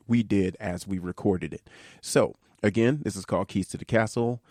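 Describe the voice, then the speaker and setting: A man's voice: lowish voice, moderate pace, dry recording, studio quality. Congested nasal man hosting a podcast. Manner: relaxed, loose sign-off talk with fillers. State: congested, under the weather. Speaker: podcast host. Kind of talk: casual podcast chat.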